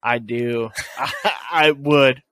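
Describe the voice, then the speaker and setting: A man chatting on a podcast, teasing his co-host and quick to laugh. His voice is middle-pitched and recorded close and dry, with no room sound. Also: steady tone, fairly bright tone, smooth, no echo. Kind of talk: casual banter.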